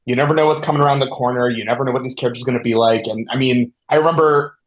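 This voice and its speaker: An enthusiastic man answers interview questions as a TV showrunner, his voice sitting at a medium pitch. He rambles and restarts his sentences often, his speech relaxed and conversational. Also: very fast, poor audio.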